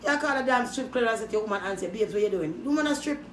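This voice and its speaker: A woman rambling casually to camera, joking loudly, swearing and trailing off into mutters. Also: a little high, very fast. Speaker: vlogger. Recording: echoey room, noisy background.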